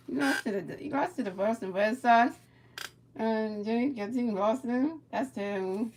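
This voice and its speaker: A woman's voice: on the high side, unhurried, a little mellow, slight background noise. A woman streamer giving casual play-by-play of a baseball video game, chatting with a viewer and stumbling over repeated words.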